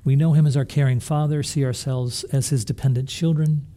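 A man's voice: mid-range voice, steady tone, brisk, mellow. A man preaching a sermon as pastor, earnest and full of questions to his listeners, often restarting and repeating words as he thinks aloud. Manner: earnest, with rhetorical questions to the congregation.

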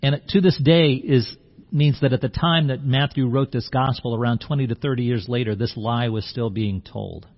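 A man's voice: mid-range voice, steady tone, normal speed, lo-fi sound. A man preaching a sermon in a conversational way, acting out the scene and often restarting his words. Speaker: pastor.

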